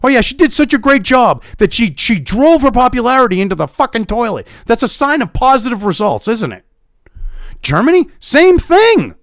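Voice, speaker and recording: A man's voice: extremely high pitch, expressive, brisk, vocal fry, few pauses, fairly bright tone, no room sound, studio quality. A man delivering angry, profane and sarcastic political commentary as a vlogger.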